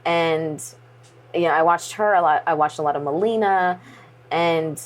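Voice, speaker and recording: Guesting on an interview, a woman wrestler with a voice that sits low tells a story at a moderate pace. The chat is casual and she's animated, imitating quoted voices and leaning heavily on fillers such as "like" and "you know."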